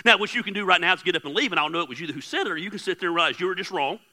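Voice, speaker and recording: A man preaching a sermon, candid and joking with his congregation, swinging between soft asides and loud emphatic bursts. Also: high-pitched, racing. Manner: candid, joking, talks straight to the crowd. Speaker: pastor. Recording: hall reverb.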